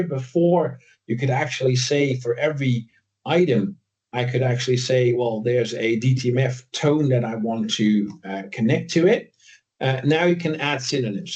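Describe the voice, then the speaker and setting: A man giving a casual screen-share software walkthrough, thinking aloud with frequent fillers and tag questions. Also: medium pitch. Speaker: presenter demoing software.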